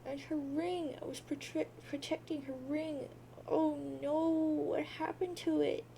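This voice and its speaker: A woman's voice: high voice, fairly even intonation, warm tone, a little hiss or hum, poor audio. A woman voicing a grieving, lost teenage girl who sobs and wails. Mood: mournful. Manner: sobbing, wailing drawn-out boo-hoos.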